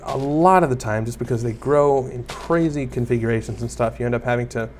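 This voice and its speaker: With a faint ambient hum beneath him, a young gaming YouTuber talks a little fast at an ordinary middle pitch. He rambles through casual Let's Play commentary of a block-building game, poking fun at himself and speaking to viewers and the mobs he encounters.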